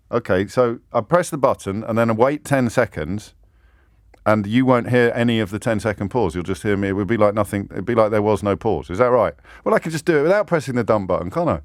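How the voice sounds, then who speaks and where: A man's voice: medium pitch, no room sound. Male phone-in host, wry, rambling, dead-dry studio mic. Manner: playful, self-mocking, rambling. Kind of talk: casual radio chat. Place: radio studio. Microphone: studio microphone.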